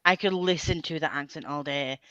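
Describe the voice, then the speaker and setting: A lower-pitched woman with a bright, forward voice, chatting and giggling on a stream. She rambles with frequent fillers, and her mic sounds dry and somewhat dull. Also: brisk, no echo. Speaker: livestream co-host. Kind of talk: casual group chat on a livestream. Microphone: webcam headset or desk mic.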